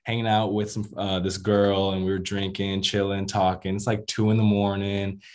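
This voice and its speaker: Laid-back American man, lowish voice. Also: normal speed. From United States. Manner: animated, acts out quotes with laid-back slang. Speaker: musician and rapper. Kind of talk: casual interview storytelling.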